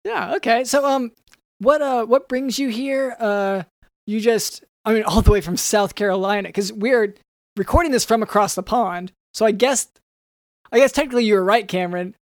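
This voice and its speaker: A man's voice: high-pitched, normal speed, no room sound, clean studio sound. A man hosting a comedy podcast, reading medical facts in a matter-of-fact way between jokes. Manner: reads medical text, then jokes around. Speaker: host posing as a doctor.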